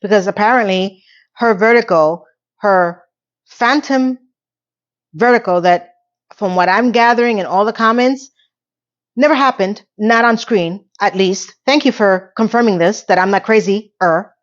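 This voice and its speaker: A woman's voice: mid-range voice, unhurried. Woman doing a sarcastic tv recap vlog, rambly and fed up, kinda muffled lo-fi sound. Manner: sarcastic, rambling, playfully exasperated. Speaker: TV recap YouTuber. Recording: slightly dull lo-fi audio.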